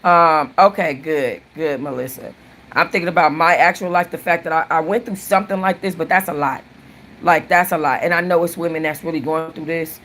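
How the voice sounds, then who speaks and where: Woman, low voice, casual live-stream book chat, chatty, restarts her sentences. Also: fairly even intonation, brisk, a bit bright, a little hiss or hum. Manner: chatty, restarts often, thanks viewers mid-sentence. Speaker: book channel host.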